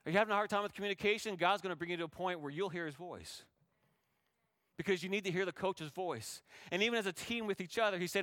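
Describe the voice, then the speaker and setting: A man delivers a sermon in a high, bright voice that stays smooth and clear. He keeps pressing listeners with rhetorical questions and voices scripture characters with rising intensity. The sound is dry and close. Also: brisk, no echo. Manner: preaching with rhetorical questions to a congregation; acts out biblical speakers in raised voice. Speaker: pastor.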